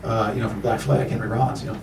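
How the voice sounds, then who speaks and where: A man's voice: on the low side, level tone, fast talker, vocal fry. A man doing a loose, profane stand-up set in a comedy club, laughing through his lines and working the crowd. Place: comedy club stage with an audience. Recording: roomy club recording from far off with crowd.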